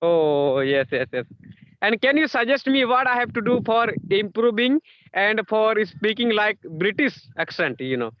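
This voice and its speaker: A man conducts an interview as casual conversation practice, repeating himself and plugging pauses with "you know" and "yes, yes." His high-pitched, sing-song voice moves at normal speed, recorded with no echo but with the highs cut off.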